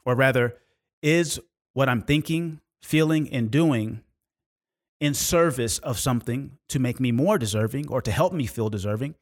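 A man hosting a podcast, telling a personal story in a motivational style, with dramatic pauses and repeated key phrases. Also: medium pitch. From California, USA. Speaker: podcast host.

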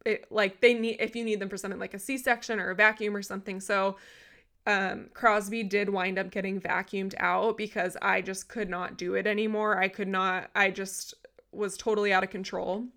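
This young podcast host has a mid-range voice and a moderate pace. She tells her own story casually and with energy, never shy about cursing and always candid.

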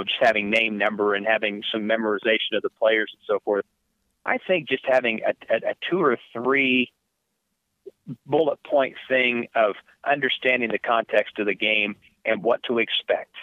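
A man's voice: medium pitch, no room sound. A man who works as a sports play-by-play announcer, answering interview questions in a reflective way, often restarting his sentences. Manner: reflective, many restarts, animated emphasis. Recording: dry, phone-like narrow sound.

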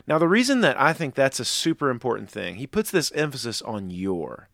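Animated earnest man with a lively voice. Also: medium pitch, fairly quick, vocal fry, few pauses, no room sound, studio quality. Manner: earnest, rambling with restarts, animated emphasis. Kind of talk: faith podcast discussion.

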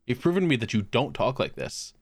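A man's voice: mid-range voice, wildly swooping pitch, fast talker, dry recording. A man hosting a podcast, teasing his friends and joking in casual banter. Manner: joking, teasing, stammering repetitions. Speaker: podcast host.

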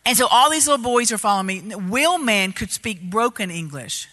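A woman telling a story in a sermon, animated and loud, getting louder as she gets excited. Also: on the high side, fairly quick. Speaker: preacher. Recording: reverberant hall.

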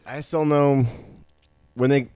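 A man co-hosting a podcast, speaking in a relaxed, measured way with some swearing. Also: medium pitch, clear, resonant tone, no echo. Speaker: podcast co-host. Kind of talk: casual chat about movies.

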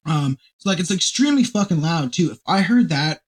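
A man hosting a podcast in casual chat, rambling and excitable and swearing a lot. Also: fairly high pitch, brisk, slightly rough, rough recording. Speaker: podcast host.

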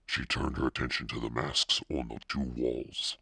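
A man narrating a spooky children's storybook in a steady, suspenseful reading. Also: rumbling low, moderate pace, vocal fry, slightly rough, dry recording, studio quality. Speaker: audiobook narrator.

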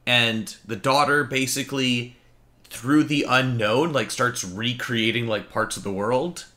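A man's voice: medium pitch, unhurried, bright, forceful tone. A young man co-hosting a gaming podcast, teasing and eagerly retelling movie plots in casual chat. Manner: enthusiastic, teasing, detailed storyteller. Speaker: podcast co-host.

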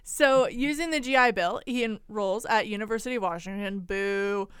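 A podcast co-host tells a story in a chatty, jokey way, giggling frequently. Her mid-range voice is a bit bright, clear and resonant, at normal speed, captured in a dry, clean studio recording.

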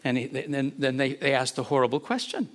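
A male pastor telling a story in a sermon, animated, chuckling often, and repeating words as he goes. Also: mid-range voice, a little fast.

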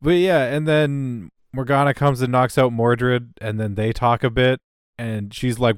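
A man's voice: medium pitch, fairly even intonation, a little slow, clear, resonant tone, no room sound. A man co-hosting a podcast in casual chat, joking and acting out quoted lines. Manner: dry, joking, acts out quotes. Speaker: podcast co-host.

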